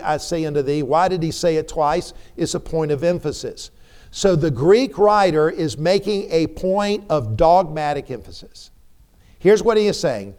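Middle-aged male preacher, emphatic and questioning, smooth clear tone. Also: a little high, lively intonation, moderate pace, a little mellow. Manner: emphatic, repeats words for emphasis, asks the congregation questions. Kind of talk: sermon.

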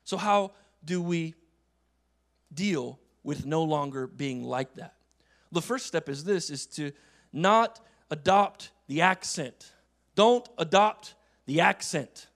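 A male pastor delivering a sermon, emphatic, repeating phrases and swinging between loud passages and quiet asides. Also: on the high side, animated, takes it slowly. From United States.

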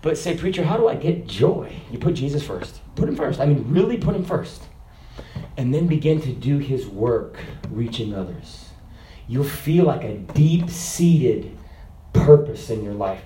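A man preaching a sermon, moving from loud, emphatic lines to soft, low asides. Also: animated, a little slow, a little hiss or hum. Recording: echoey hall.

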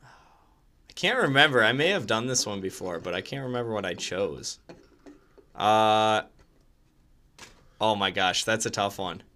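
A young man co-hosting a casual podcast, easygoing and quick to laugh. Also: on the low side, lively intonation, sharp tone. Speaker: podcast co-host. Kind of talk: casual chat.

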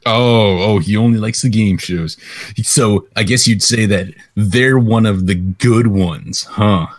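A man's voice: lowish voice, slow pace, no echo, studio quality. A man co-hosting a podcast, chatting casually and teasing his co-hosts with mock-announcer quips. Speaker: podcast co-host.

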